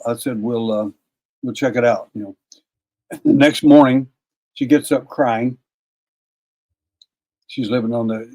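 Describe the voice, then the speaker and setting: An older man, a guest on an interview, telling a long personal story in a folksy, casual way, often repeating words and clearing his throat. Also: medium pitch, warm tone. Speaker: interview guest, paranormal investigator.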